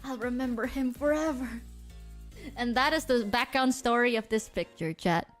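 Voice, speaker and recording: A young woman streamer telling a story to her chat in a casual, excitable way, swearing freely. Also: fairly high pitch, moderate pace, faint music behind. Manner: excitable, animated, swears a lot.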